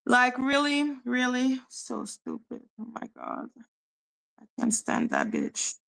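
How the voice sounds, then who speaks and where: A woman's voice: high-pitched, huge pitch swings, slow, vocal fry, fairly bright tone. A woman hosting a casual livestream, profane and taunting as she talks to her chat. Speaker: livestream host.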